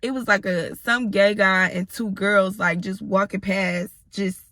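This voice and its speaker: A woman in her thirties telling an animated, profane storytime vlog, speaking straight to her viewers. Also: medium pitch, measured pace, no room sound. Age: 30s. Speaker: storyteller vlogger. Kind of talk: casual storytime.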